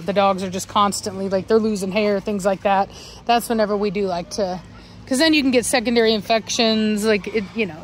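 A woman's voice: mid-range voice, a little hiss or hum. A woman breeder chatting casually outdoors among her dogs, scolding them sharply and cooing at them. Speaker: dog breeder. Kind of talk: casual vlog talk to camera and dogs. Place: outdoors in a dog yard.

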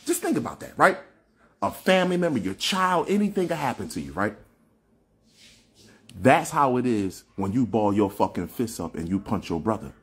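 A man's voice: fairly low pitch, very animated, moderate pace, breathy edge. A man giving a fervent, preachy spiritual monologue on a phone livestream, repeating himself and swearing often. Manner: fervent, preachy, repetitive, with frequent profanity. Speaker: livestream host.

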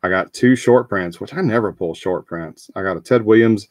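A man's voice: on the low side, normal speed, a little mellow, dry recording, clean studio sound. A man hosting a live trading card break, talking casually and rambling with frequent ums and restarts.

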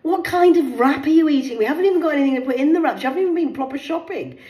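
A woman's voice: high voice, expressive, racing, dark tone, reverberant, pitched above the performer's own voice. A woman putting on a whiny, nagging teenage daughter. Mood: exasperated. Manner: whiny, scolding. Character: exasperated teenage daughter nagging her mum.

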